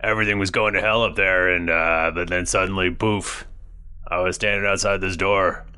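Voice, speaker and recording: A man's voice: sits low, steady tone, moderate pace, pushed and bright, smooth. A man voicing a shaken half-orc man who rambles hesitantly. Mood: rattled.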